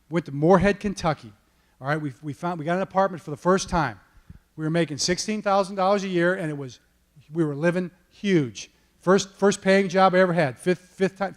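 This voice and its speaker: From an event stage, a football coach with a noticeably high voice delivers a motivational keynote. He tells his stories animatedly, checking in with the crowd with "okay?" and "all right?" along the way.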